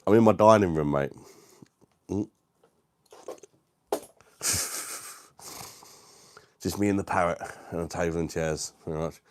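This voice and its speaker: A man's voice: sits low, measured pace, long pauses, noisy background. A British man hosting a casual live stream from his dining room, greeting viewers and chatting in a laid-back way with frequent laughs. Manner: laid-back, laughs often, says mate a lot. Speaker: livestream host.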